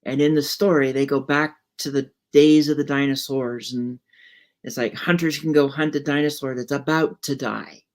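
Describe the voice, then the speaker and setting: A woman's voice: a bass voice, fairly even intonation, moderate pace. A woman hosting a podcast, musing and telling stories in casual conversation, often restarting her phrases. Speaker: podcast host.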